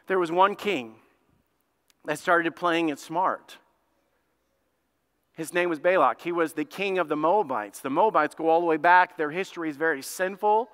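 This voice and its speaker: A male pastor preaching in a sanctuary, animated and chatty, firing questions at his congregation. His voice is high, bright and clear. A long church-hall reverb trails every line. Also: normal speed, long pauses. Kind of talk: sermon.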